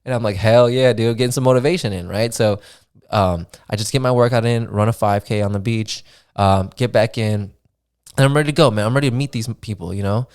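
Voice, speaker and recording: A young man talks loosely into his podcast mic, his voice sitting a bit low. He rambles through a story with plenty of "dude", "man" and swearing, relaxed and unhurried. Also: clear, resonant tone. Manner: laid-back, swears freely, many fillers like "dude" and "man". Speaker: podcast host. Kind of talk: casual solo podcast storytelling.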